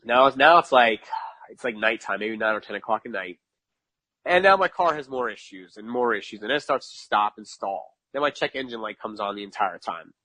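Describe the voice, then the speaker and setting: Animated man telling a rambling story. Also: fairly low pitch, a little fast, no echo. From New York. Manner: animated, repeats phrases for emphasis, laughs at his own story. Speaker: podcast guest. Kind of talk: casual storytelling.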